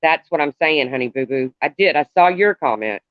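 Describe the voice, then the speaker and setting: A middle-aged man talking to viewers on a live stream in a halting, rambling way, calling out commenters by name. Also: a little high, lively intonation, no echo. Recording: dull lo-fi, dry sound.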